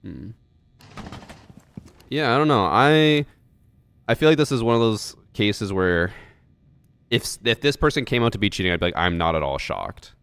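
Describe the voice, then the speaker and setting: A man's voice: medium pitch, lively intonation, normal speed, long pauses, a bit bright, clear, resonant tone, no room sound. A man streaming and reviewing a match replay, chatting casually and thinking aloud with fillers. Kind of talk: casual gaming chat.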